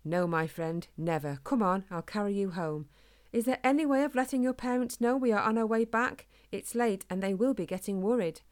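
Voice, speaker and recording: Woman reading a kind, gentle man. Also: medium pitch, expressive, moderate pace, no echo, clean studio sound, natural voice. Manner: soft and reassuring.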